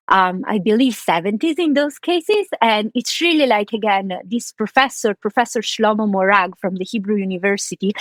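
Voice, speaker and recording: A woman's voice: medium pitch, no echo. A woman reporter explaining a subject at length as a podcast guest, chatty and full of "like" fillers. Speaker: archaeology reporter.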